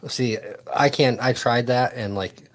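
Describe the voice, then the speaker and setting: A man's voice: medium pitch, measured pace. A man hosting a casual podcast, laid-back and joking, who laughs often. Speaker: podcast host.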